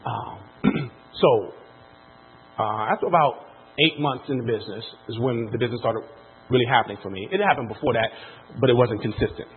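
A man giving a motivational talk to an audience, telling his story with lively ups and downs in loudness. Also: medium pitch, moderate pace, long pauses, breathy edge. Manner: animated storytelling, jumps from quiet to loud. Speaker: motivational speaker. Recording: lo-fi, phone-like sound.

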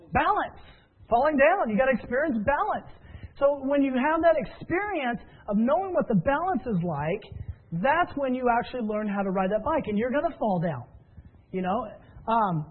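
A fairly high-voiced man tells stories and coaches his listeners in an upbeat, encouraging way. His voice comes through a thin, tinny phone line. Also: very animated, normal speed, slightly rough. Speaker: business trainer. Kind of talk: motivational training talk.

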